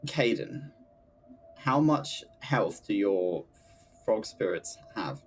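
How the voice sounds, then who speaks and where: Calm male game master at the table. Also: lowish voice, slow, slight background noise, poor audio. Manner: calm, procedural, asks players for stats. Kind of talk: running a tabletop game over voice chat.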